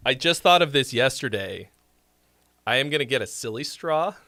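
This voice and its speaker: Male streamer host, casual and jokey with frequent swearing; bright, animated voice, dry close sound. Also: mid-range voice, normal speed, dry recording. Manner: swears freely, rambling and jokey. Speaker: streamer and song critic. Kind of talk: casual live-stream chat.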